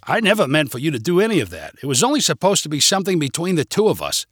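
A man's voice: on the high side, huge pitch swings, fast talker, slightly rough, no room sound, clean studio sound, exaggerated voice. A man voicing a timid, sheepish middle-aged husband who pleads and makes excuses.

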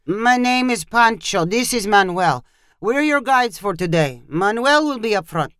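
A brisk male ranch guide who barks cheerful orders at a group of riders, as a storyteller puts him on. The voice is pitched higher and louder than the narration. The recording is dry and close, in the manner of a storybook reading. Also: lively intonation, clean tone, dry recording. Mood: upbeat. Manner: loud, bossy, upbeat.

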